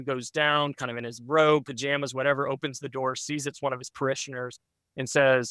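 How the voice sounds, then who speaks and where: A pastor speaking as a podcast guest, telling a story in an earnest, reflective way with frequent fillers. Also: male voice, medium pitch, fairly even intonation, a little fast, pushed and bright, clear, resonant tone, no echo.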